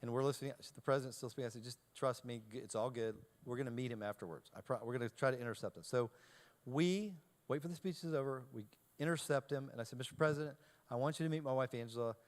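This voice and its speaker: A man of ordinary, mid-range pitch speaks to a live audience and tells a humorous story about himself. He acts out both sides of each exchange and pokes fun at his own nerves. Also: fast, few pauses. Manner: animated storyteller, self-deprecating, acts out dialogue. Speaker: keynote speaker.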